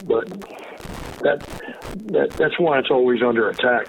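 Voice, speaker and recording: An older man, a retired undercover agent, talking casually and emphatically, agitated and swearing, with sudden high bursts. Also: normal speed, pauses often, a little hiss or hum, low-quality recording. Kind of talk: casual conversation.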